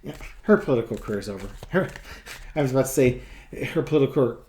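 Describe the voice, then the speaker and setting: A man's voice: mid-range voice, expressive, quick pace, darkish tone, reverberant, a little hiss or hum. A man giving a casual tarot reading, talking in a rambling, sarcastic way with many restarts. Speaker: tarot reader.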